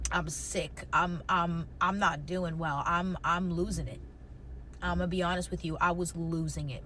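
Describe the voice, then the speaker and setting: A woman's voice: fairly low pitch, pushed and bright, slight background noise. A young woman telling a personal story in a casual storytime, raw and emotional, swearing heavily and repeating herself. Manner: fast, repeating phrases, slangy.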